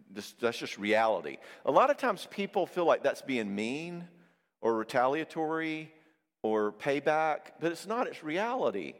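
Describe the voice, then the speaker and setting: Animated man in a reverberant hall. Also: on the high side. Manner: animated storyteller who acts out both sides of conversations. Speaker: marriage counselor and speaker. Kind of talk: conversational Christian talk with stories.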